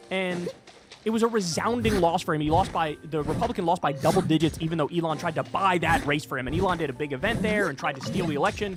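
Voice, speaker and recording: A man with a rather high voice rants sarcastically about politics, swearing freely and sounding thoroughly indignant. Soft music plays faintly behind him. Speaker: political commentator. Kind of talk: ranting political commentary.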